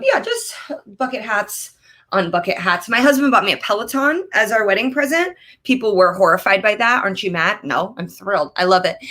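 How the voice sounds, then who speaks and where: A woman in her thirties doing an animated stand-up set from a home office over a video call, ranting and leaping into high-pitched outbursts. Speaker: stand-up comedian.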